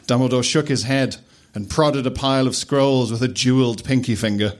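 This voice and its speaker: A man narrating a comic story deadpan and often laughing. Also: mid-range voice, brisk.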